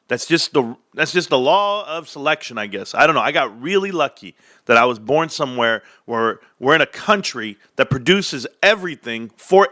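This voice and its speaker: A young adult man from the United States, hosting a casual livestream rant, swinging from low mumbles to loud outbursts. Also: no room sound, clean studio sound. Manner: animated, swings from mumbling to near shouting. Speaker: livestream host.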